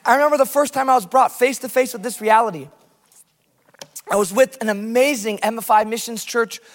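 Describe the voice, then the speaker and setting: An American man preaching a sermon with passion, telling stories from his missions work. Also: high-pitched. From United States. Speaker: pastor. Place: church hall. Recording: long hall reverb.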